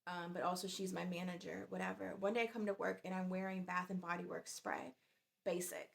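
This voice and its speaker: A woman's voice: on the low side, level tone, brisk, vocal fry. A woman in her forties telling a workplace story in a chatty, exasperated way. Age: 40s. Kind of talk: casual storytime vlog.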